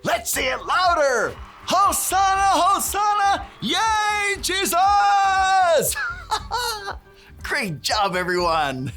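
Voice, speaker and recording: A man's voice: sits high, wildly swooping pitch, takes it slowly, loud music behind the voice, exaggerated voice. A man playing a cheerful handyman who leads children in call-and-response cheering and drops Spanish words. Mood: cheery. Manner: bouncy, call-and-response with kids, bursts of cheering. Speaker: children's ministry presenter.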